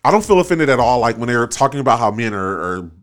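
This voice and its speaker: A man's voice: medium pitch, very animated, quick pace. A man hosting a podcast in a studio, chatting casually, agreeable and swearing freely. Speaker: podcast host. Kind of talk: casual chat.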